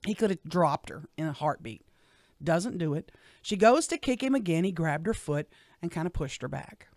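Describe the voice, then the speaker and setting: A middle-aged woman, a radio show guest telling a personal story in an animated way. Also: on the low side, no echo, studio quality. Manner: animated storyteller, acts out what others said.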